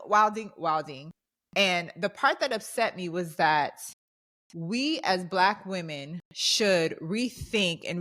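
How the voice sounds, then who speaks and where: A woman's voice: on the low side, a bit bright. A young adult woman co-hosting a podcast, ranting in an emphatic, heated way in casual chat. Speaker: podcast co-host.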